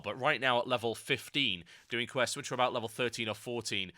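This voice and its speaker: A hoarse man with a cold, slightly nasal, talking through gameplay commentary. His voice is very bright and cutting, and he drifts into sarcastic little rants. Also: mid-range voice, a little fast, hardly any pauses. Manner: ranty, sarcastic asides. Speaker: game commentator.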